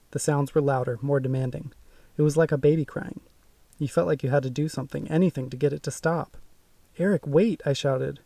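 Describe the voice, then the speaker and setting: A man narrating a first-person audiobook in a measured, suspenseful way. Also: medium pitch, creaky, mellow, dry recording, distant mic.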